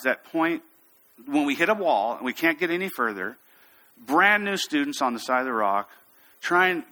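A man preaching a sermon, telling a story with lively, acted-out quotes. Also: medium pitch. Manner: storytelling, animated, acts out quotes. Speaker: pastor.

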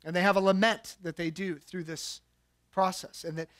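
A middle-aged man, a pastor, giving a sermon in a conversational storytelling way, growing animated as he tells a personal story. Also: high voice, normal speed. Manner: conversational storytelling, animated when telling anecdotes.

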